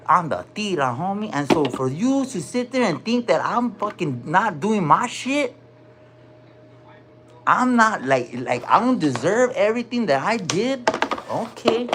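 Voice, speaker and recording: A man's voice: high voice, sing-song, a little slow, fairly bright tone, slight background noise. A man on a livestream, swearing freely and shifting between rhymed verses and defiant rants. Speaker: livestreamer and rapper. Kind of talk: live rap and rant.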